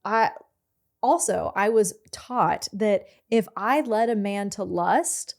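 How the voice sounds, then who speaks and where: Southern gal hosting a podcast, jokey and candid, just chatting. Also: female voice, mid-range voice, slow, vocal fry. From Southern United States. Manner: playful, joking, candid. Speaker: podcast host and actress. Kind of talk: casual podcast chat.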